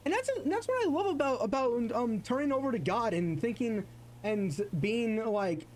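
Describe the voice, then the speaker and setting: A man with a rather high voice chatting on a game stream. He rambles in an earnest, reflective way, restarting and correcting himself as he goes. A faint hum of background ambience sits behind him. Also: expressive, moderate pace, a little mellow. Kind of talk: casual chat while gaming.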